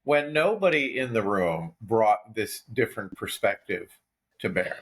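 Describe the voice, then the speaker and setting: A man co-hosting a business podcast, explaining ideas in a halting way with frequent restarts. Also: on the low side, lively intonation, slightly rough. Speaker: podcast co-host.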